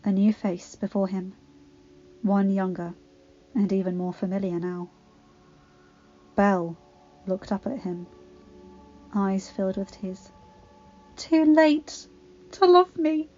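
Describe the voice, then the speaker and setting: A woman reading a fanfiction story aloud with expressive, dramatic narration. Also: mid-range voice, unhurried, long pauses, highs cut off, faint music behind. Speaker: fanfiction reader.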